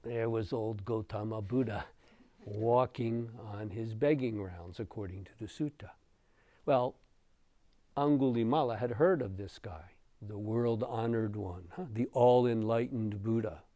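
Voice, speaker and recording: Slow, unhurried male meditation teacher. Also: lowish voice, dry recording. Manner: slow, storytelling, with soft chuckles. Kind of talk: dharma talk.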